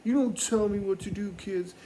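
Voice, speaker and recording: An indignant, entitled father yells in a pitched-up, strident voice, put on by a man. He is self-righteous and quick to blame the kids around him. It sits inside a stand-up comedy story. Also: slight background noise, lightly acted, rough recording. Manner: shrill, indignant yelling. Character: irate entitled middle-aged dad, yelling and self-righteous.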